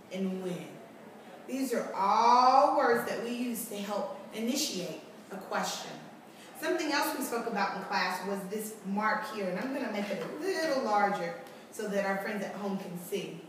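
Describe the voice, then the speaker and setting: Echoey distant kindergarten teacher. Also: female voice, medium pitch, a little hiss or hum. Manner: slow, clear teacherly explanation with rhetorical questions. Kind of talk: recorded tutorial lesson for parents and children.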